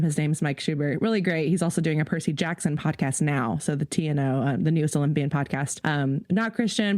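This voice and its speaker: A woman's voice: deep voice, darkish tone, dry recording, clean studio sound. A young woman with an American accent, hosting a podcast in casual chat, rambling with many fillers. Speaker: podcast host.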